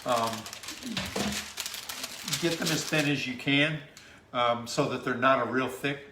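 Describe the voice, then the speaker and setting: A man's voice: mid-range voice, unhurried, echoey room, background noise. A man co-hosting a casual cooking stream from a home kitchen, explaining steps with many fillers. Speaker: cooking show co-host. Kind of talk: casual recipe instructions.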